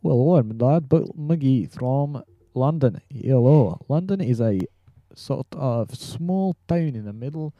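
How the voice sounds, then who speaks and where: A man's voice: medium pitch, animated, slow, dry recording, muffled recording. A man voicing a bumbling male news reporter in the field, rambling in a mock-newsreader way for an improvised comedy sketch. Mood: mock-serious.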